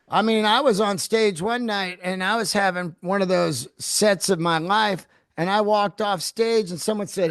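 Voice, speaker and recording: A man's voice: sits high, measured pace, no echo. Profane storytelling comedian man, dry sound. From San Francisco Bay Area. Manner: animated, profane storyteller who acts out quotes. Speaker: comedian guest. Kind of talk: casual storytelling interview.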